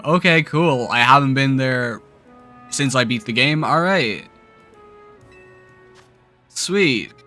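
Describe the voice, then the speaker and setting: A man commentating his own video game playthrough, excitable and emotional, often breaking into exclamations. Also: medium pitch. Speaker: gaming YouTuber. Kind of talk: let's-play commentary.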